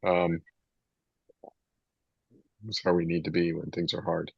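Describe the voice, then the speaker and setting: A deep-voiced man leads a small Bible study group in a loose, rambling way, often circling back and reading passages aloud. His voice is low and husky. The sound is dry and muffled, like a dull lo-fi recording. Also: completely flat delivery, slow pace, dry recording. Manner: conversational and rambling, with restarts and reading scripture aloud.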